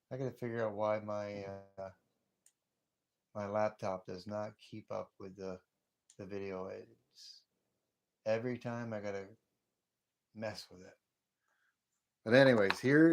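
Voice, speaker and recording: A man's voice: mid-range voice, darkish tone. A middle-aged man hosting a casual live stream from home, chatting in a folksy way and calling viewers brother.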